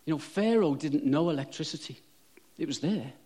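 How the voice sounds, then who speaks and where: A man's voice: a little high, expressive, moderate pace, mellow, breathy edge. A man preaching a sermon, chatty and self-deprecating, rising to fervent emphasis on repeated phrases.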